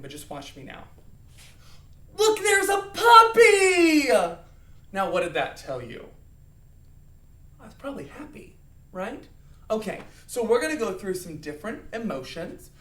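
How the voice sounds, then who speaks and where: A high-pitched man with a fairly bright tone, recorded from a distance, teaches young children acting. He plays out emotions with them and counts along. The room has an echo and his voice lands a little off-mic.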